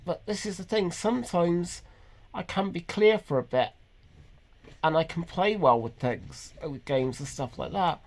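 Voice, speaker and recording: A man, talking in a halting, hesitant way with many pauses and restarts in an earnest, emotionally raw personal vlog. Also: a little high, expressive. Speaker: vlogger. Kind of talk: personal confessional monologue.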